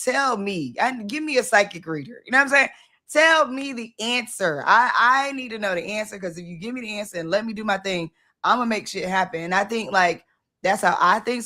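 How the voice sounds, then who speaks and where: A woman hosting a casual conversation, talking bluntly and in an animated way, acting out the things she says to people. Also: medium pitch. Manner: blunt, animated, acts out her own past self. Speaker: host, founder of the organization.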